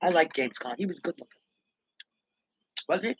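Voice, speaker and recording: A woman's voice: on the low side, lively intonation, normal speed, slight background noise. A woman talking in a loose, rambling casual monologue as a vlogger, often muttering and trailing off mid-thought.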